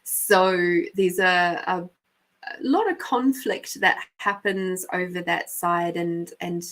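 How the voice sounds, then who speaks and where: Female live-stream host, New Zealand accent, slow and chatty, laughs a lot. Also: lowish voice, creaky, a bit bright. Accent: New Zealand, softened by years in South Australia. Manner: chatty and unhurried, laughs often. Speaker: podcast host and intuitive reader. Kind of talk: casual live-stream chat, reading out viewer comments.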